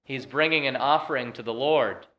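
Bright-voiced earnest male preacher. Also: medium pitch, normal speed, dull audio. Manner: earnest, emphatic preaching that swings between loud and hushed. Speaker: pastor. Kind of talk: sermon.

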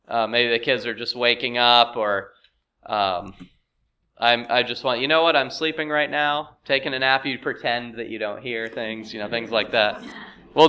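A man's voice: medium pitch, sharp tone. A middle-aged man preaching a sermon, asking rhetorical questions and acting out quoted voices with rising intensity. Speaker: pastor.

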